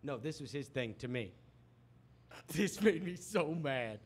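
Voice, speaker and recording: His voice is on the high side, slightly rough, and slow-paced. Over a studio microphone, this sports radio host trades casual banter and tells a lively story, performing the quotes himself.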